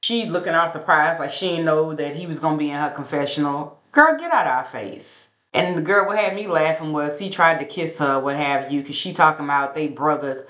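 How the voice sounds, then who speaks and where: Sassy lady dishing on a reality show, low voice, echoey room. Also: fairly even intonation, a little fast, few pauses, a bit bright. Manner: sassy, gossipy, talks straight to viewers. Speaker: reality TV recap vlogger. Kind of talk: casual recap commentary.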